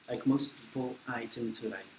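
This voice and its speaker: A man's voice: medium pitch, moderate pace, a little hiss or hum. A man in his twenties, not an English speaker, chatting casually and self-deprecatingly through a mukbang vlog with plenty of fillers. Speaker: vlogger. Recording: echoey room with faint ambience.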